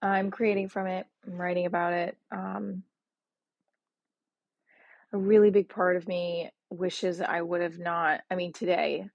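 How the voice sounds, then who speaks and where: Her voice is lowish and gravelly, captured with no room sound. She's a podcast host in her forties, delivering an upset, sorrowful monologue in an emotional, rambling manner full of false starts.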